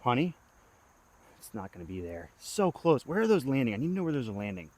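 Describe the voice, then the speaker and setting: A man's voice: medium pitch, very animated, quick pace, darkish tone. A young man films himself outdoors and talks through every throw. His running commentary swings between hyped pleading and groaning, with insects chirping in the background. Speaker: disc golf vlogger. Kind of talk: self-filmed play-by-play commentary. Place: outdoor disc golf course.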